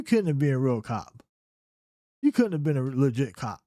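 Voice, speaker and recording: A man's voice: mid-range voice, sing-song, normal speed, long pauses, dark tone, dry recording. A young man hosting an unscripted reaction show, ranting in a heated, incredulous and profane way. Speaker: commentary show host.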